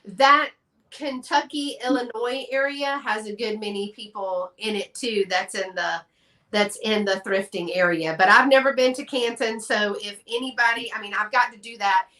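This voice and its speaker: A woman's voice: medium pitch, fairly even intonation, normal speed, sharp tone. A woman from Texas with a Southern accent, chatting casually in a live stream and laughing often. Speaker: guest collector.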